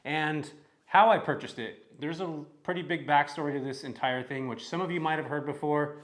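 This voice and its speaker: A man's voice: a little high, moderate pace, a bit bright. A young man from California talking casually and upbeat to camera about his rental property. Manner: upbeat, chatty, conversational. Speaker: real estate vlogger.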